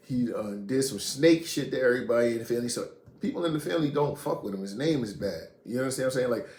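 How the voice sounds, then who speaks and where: A middle-aged man from Queens, casually telling a story in street slang and profanity, animated and blunt. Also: mid-range voice, fast talker. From Queens, New York. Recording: echoey room, faint noise.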